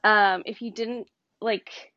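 A woman's voice: medium pitch, steady tone, slow pace, no room sound, muffled recording. A woman in her thirties, a guest in a casual chat, rambling through a story with plenty of fillers and giggles. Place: on her bed.

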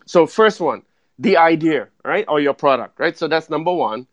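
A man giving animated speaking advice as a guest in a podcast interview, full of "right?" tag questions. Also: fairly high pitch, moderate pace, no room sound. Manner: energetic, keeps asking "right?" and tacking on "though". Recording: dull lo-fi dry sound.

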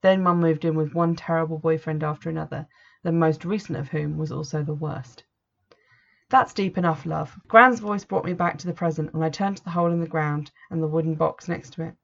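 A woman narrating a first-person story in a measured, earnest way, on a dull lo-fi recording. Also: sits low, fairly even intonation, vocal fry.

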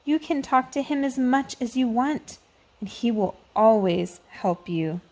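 A woman's voice: a little high, lively intonation, measured pace, dark tone. A woman reading as a cheerful, encouraging mentor. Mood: reassuring. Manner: enthusiastic, reassuring.

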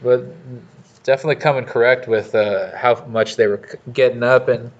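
A man co-hosting a laid-back podcast, rambling through his thoughts in loose slang with the odd curse word. His voice sits at an ordinary middle pitch, and the recording sounds dull and lo-fi. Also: fairly even intonation, brisk. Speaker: podcast co-host. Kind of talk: casual chat.

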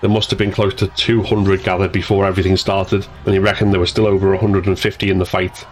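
A man narrating an action scene as a scripted audiobook reading, in a steady, measured way. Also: low-pitched, rough recording.

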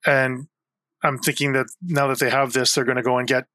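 A man's voice: medium pitch, level tone, brisk, pushed and bright. A man playing a tabletop game, thinking aloud hesitantly. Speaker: player. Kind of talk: casual tabletop play.

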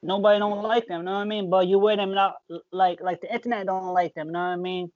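A man's voice: sits high, flat delivery, quick pace, no room sound, highs cut off. A man co-hosting a casual sneaker chat, emphatic and slangy. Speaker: co-host.

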